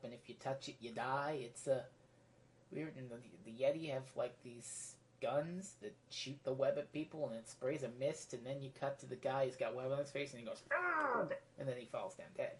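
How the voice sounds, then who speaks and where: A woman with an unusually deep voice talks through a casual solo review. She rambles, wanders onto tangents, and keeps an offhand, chatty tone. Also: darkish tone. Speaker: video reviewer.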